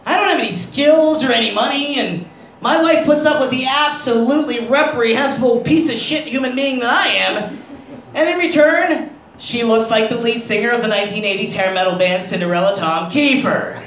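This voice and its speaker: A man's voice: extremely high pitch, moderate pace, fairly bright tone, slight background noise. A man doing crude, self-deprecating stand-up comedy on a club stage. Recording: roomy club sound from far off.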